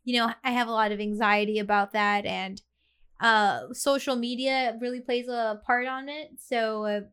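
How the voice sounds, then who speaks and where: A woman with a bright, forceful voice pitched a little high chats candidly on a podcast, laughing easily. She has the hiccups. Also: steady tone, moderate pace, smooth. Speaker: podcast co-host. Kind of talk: casual podcast chat.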